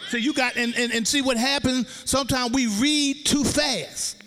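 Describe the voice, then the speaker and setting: A man preaching a sermon to a congregation, half-singing his phrases and rising into shouts, drawing call-and-response. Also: very high-pitched, fairly even intonation, normal speed. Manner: chanting, sing-song delivery rising into shouts. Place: church sanctuary. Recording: long reverb of a large hall.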